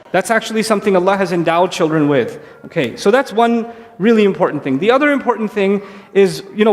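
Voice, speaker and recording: A man giving a conversational religious talk to parents and children before an audience, lively and acting out little scenes. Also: sits high, big-room sound. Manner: conversational, animated, acts out kids and parents. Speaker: speaker addressing parents.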